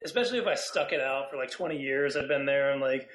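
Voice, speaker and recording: A man's voice: medium pitch, quick pace, a bit bright, reverberant, low-quality recording. A man chatting on a podcast, rambling and laughing a lot. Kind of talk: casual chat.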